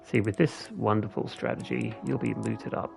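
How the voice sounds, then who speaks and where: A man giving relaxed live gameplay commentary as a streamer, thinking aloud with fillers as he plays. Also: fairly low pitch, normal speed, gravelly, faint music behind.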